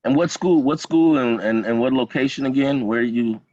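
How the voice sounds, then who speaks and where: Teaching a college program class online, a middle-aged man speaks at a moderate pace with a medium pitch and darkish tone. He's encouraging but repetitive, using lots of fillers, and the video call audio is dull and lo-fi without echo.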